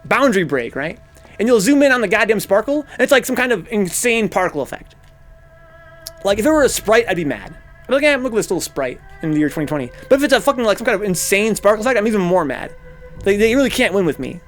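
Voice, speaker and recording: A man streaming a video game, talking casually with animated, profane, rambling rants. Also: high-pitched, quick pace, faint music behind. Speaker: gaming streamer. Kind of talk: casual let's-play commentary.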